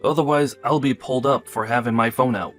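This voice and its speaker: A man's voice: medium pitch, steady tone, a little fast, a bit bright, soft background music, close to an everyday voice. A man voicing a careless, selfish young husband in a text-story drama, offhand and dismissive.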